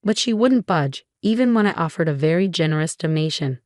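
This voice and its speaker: A defiant, meddling grandmother who scoffs at boundaries, as a woman narrator puts her on. The voice sits a little low. The sound is dry and close. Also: expressive, a little fast, darkish tone, dry recording, natural voice. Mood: defensive.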